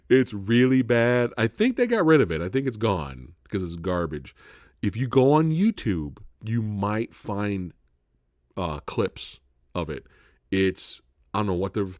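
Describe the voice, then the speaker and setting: Man, live stream host, casual chat, swears, loud laughs, swooping pitch, dry sound. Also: dry recording. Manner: animated, laughs loudly, swears freely.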